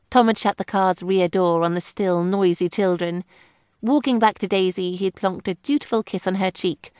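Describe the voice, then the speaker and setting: A woman's voice: fairly low pitch, moderate pace, no room sound, clean studio sound. A woman reading a novel aloud as a first-person narrator. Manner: even, clear storytelling. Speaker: audiobook narrator.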